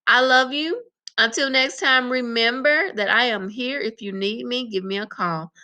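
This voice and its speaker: A woman teacher giving a slow, sing-song vocabulary lesson to young children. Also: on the high side, sharp tone.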